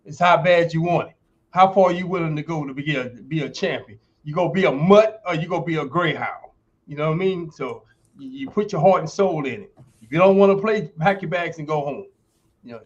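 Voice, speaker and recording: An older man in his sixties tells stories as a podcast guest in a slightly high voice. He speaks emphatically and acts out the quoted lines of other people. The sound is dull and lo-fi, like a streamed call. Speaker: former football player and university sports instructor.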